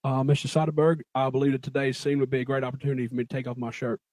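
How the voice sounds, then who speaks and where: Slow-drawling relaxed film star, played by a man, dry sound. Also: medium pitch, dry recording, lightly acted. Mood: smug. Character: laid-back drawling male film star.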